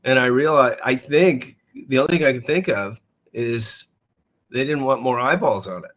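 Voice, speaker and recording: A man as a musician guest in a casual interview, talking in a halting way and often repeating words as he thinks. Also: mid-range voice, a bit bright, low-quality recording.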